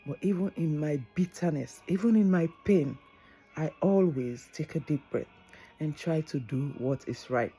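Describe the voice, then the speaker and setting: A woman's voice: sits low, unhurried, warm tone, husky, faint music behind, rough recording. A middle-aged woman, tearing up as she gives earnest, preachy advice in a vlog, repeating phrases for emphasis. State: tearful. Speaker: vlogger. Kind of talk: heartfelt advice monologue.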